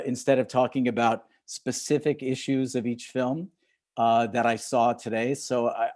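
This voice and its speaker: Over a video call, an older film director speaks to an audience as a guest. His medium-pitched voice is a little mellow, and his relaxed talk is hesitant, full of fillers, restarts and chuckles.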